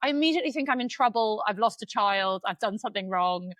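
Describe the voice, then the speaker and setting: A woman's voice: mid-range voice, expressive, fast talker, fairly bright tone, no echo. A woman in her forties co-hosting a podcast, telling stories in casual chat and swearing freely. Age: 40s. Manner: chatty storyteller, swears freely. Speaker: podcast co-host.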